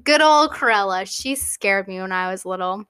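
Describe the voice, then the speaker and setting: A woman's voice: mid-range voice, expressive, normal speed, fairly bright tone, clear, resonant tone. A tipsy woman co-hosting a podcast, giggling as she reads trivia aloud in casual chat. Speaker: podcast co-host.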